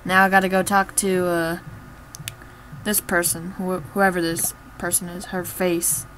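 A woman's voice: lowish voice, flat delivery, measured pace, fairly bright tone, slight background noise. A woman giving casual commentary over her gameplay, rambling and joking at her own expense. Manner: rambling, self-mocking chatter. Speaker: gameplay video maker.

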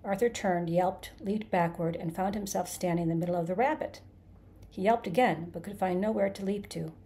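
A woman narrating a comic science fiction novel in a measured, dry storytelling delivery. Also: lowish voice, warm tone. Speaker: narrator, podcast host. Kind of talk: scripted audiobook narration.

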